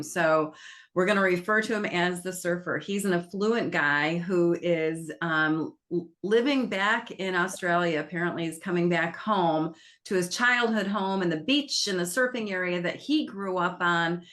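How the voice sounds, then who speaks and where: A woman's voice: fairly low pitch, normal speed. Chatty woman film critic. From United States. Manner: chatty, animated retelling with laughs. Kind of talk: casual film review chat.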